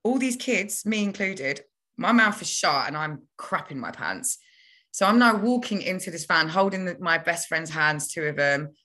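A young woman, a podcast guest telling stories from her childhood in a lively, chatty way. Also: fairly low pitch, normal speed. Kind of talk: casual storytelling.

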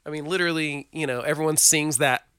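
A man's voice: on the high side, fairly even intonation, fast, a bit bright, clear, resonant tone, dry recording, studio quality. A man co-hosting a casual music chat, enthusiastic and rambling with lots of fillers. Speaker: podcast co-host.

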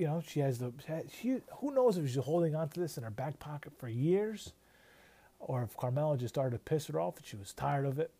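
A man's voice: a little high, warm tone, no echo. A man hosting a podcast in a loose, casual commentary style. He swears freely and often restarts his sentences. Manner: loose and profane, with many restarts. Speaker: podcast host.

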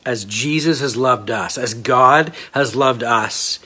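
A man's voice: mid-range voice, slow pace, few pauses, bright, forceful tone, slightly rough. A man giving a casual sermon, conversational and self-deprecating, reading part of it aloud from a book. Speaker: pastor.

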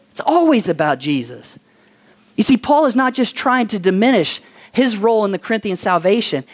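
High-voiced man preaching a sermon. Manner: asks the congregation questions for call-and-response; animated storytelling. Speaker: pastor.

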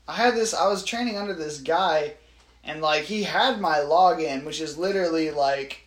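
A man's voice: on the high side, a little slow, a bit bright, reverberant. A man co-hosting a podcast in casual chat, laughing often and swearing freely. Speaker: podcast co-host.

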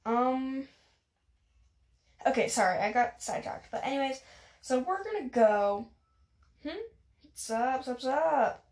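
Tired gamer girl rambling slow, kinda high voice, keeps getting sidetracked. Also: animated, darkish tone. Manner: chatty, easily sidetracked, self-mocking. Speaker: gaming video creator. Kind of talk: casual gameplay commentary.

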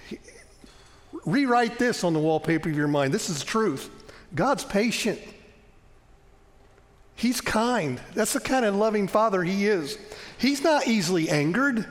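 A pastor preaches with a high voice, earnest and emphatic. He slows down and drops to a near hush to press a point. The sound carries a long reverb from the church hall. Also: expressive. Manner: earnest, emphatic, slowing down and dropping to a soft hush on key lines. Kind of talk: sermon.

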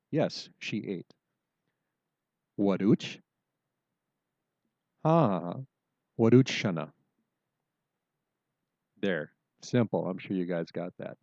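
Low-voiced man hosting a language lesson. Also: warm tone, dry recording, highs cut off. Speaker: language podcast host. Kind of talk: casual spoken language lesson.

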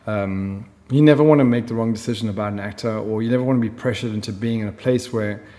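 A man's voice: lowish voice, quick pace, warm tone, in a large hall. A man talking as a film director in an interview, chatty and full of fillers. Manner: chatty storyteller, many fillers. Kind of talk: conversational interview.

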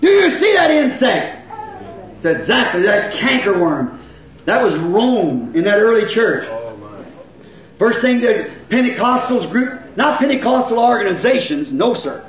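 A middle-aged man preaching a revival sermon to a congregation, in folksy rural grammar, asking questions and now and then breaking into shouts. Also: high voice, very animated, measured pace. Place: church hall with congregation. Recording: very echoey old church recording.

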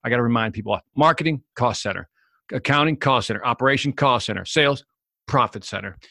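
A man telling stories as a guest in an interview, animated and acting out the people in them. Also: medium pitch, fast talker, creaky, dry recording, studio quality. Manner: animated storyteller, acts out the people in his stories. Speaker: guest, sales expert. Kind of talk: storytelling in a podcast interview.

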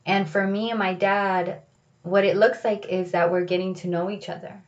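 A woman's voice: mid-range voice, level tone, moderate pace, highs cut off. A woman telling a personal story in a candid, reflective way, often saying "like" and "you know.".

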